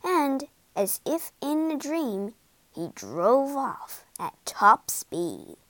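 A woman reading a children's story aloud in an expressive, storybook narration. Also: high-pitched, no room sound. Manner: slow, lively expressive reading.

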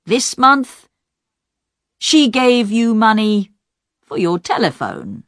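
A woman voicing a methodical male police inspector in an audiobook, deliberate and accusing. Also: a little high, sing-song, fairly bright tone, no room sound, clean studio sound, voice pushed up, exaggerated voice.

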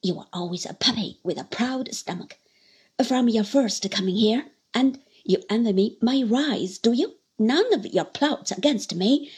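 A woman reading aloud voices a sly, scheming male clerk who is cornered and spiteful, speaking louder and with sneering threats. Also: a little high, animated, measured pace, slightly rough, exaggerated voice. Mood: threatening.

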